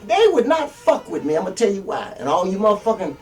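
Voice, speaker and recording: Blunt, profane preacher man, lively pitch. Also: quick pace. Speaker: self-styled minister. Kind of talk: profane street sermon to camera. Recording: distant mic with faint music.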